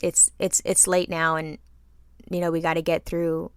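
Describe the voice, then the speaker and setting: A woman co-hosting a podcast, telling an animated, laughing story in casual chat and swearing freely. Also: lowish voice, moderate pace, smooth, dry recording, studio quality. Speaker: podcast co-host.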